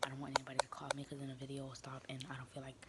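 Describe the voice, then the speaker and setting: A man's voice: medium pitch, completely flat delivery, rapid-fire. A man whispering casually to his viewers while eating, leaning close to the camera mic. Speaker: vlogger. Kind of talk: whispered mukbang chat. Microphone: camera mic, no separate microphone. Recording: noisy camera audio with hiss. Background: dogs nearby.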